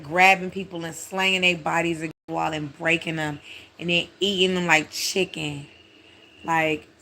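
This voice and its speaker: Woman storyteller, casual and profane, dramatic build-ups, bright tone, faint background hiss. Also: lowish voice.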